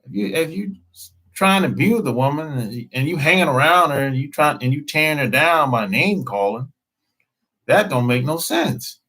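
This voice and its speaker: A man talking casually as a dating coach, slow and drawling, often breaking into laughter. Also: on the high side, expressive, sharp tone, breathy edge. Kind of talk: casual live-stream talk.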